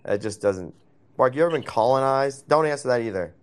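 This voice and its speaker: A man hosting a loose online voice chat, asking questions with a teasing, jokey edge. His voice sits at an ordinary middle pitch. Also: expressive, fairly quick, a little hiss or hum. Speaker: host.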